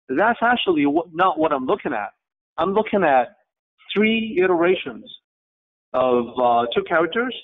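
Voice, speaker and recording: Patient male teacher over a tinny line. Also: fairly high pitch. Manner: patient, explanatory, halting phrases. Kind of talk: online class lecture.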